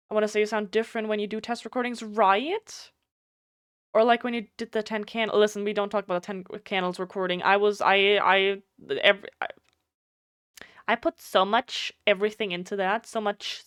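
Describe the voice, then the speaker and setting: A talkative woman streaming a game, her German accent coming through. Her voice is smooth and clear with a slight nasal edge, and it sits close and dry on a desk mic. She chats bluntly and swears freely. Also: medium pitch, flat delivery, a little fast, a bit bright, no echo. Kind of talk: casual live stream chat.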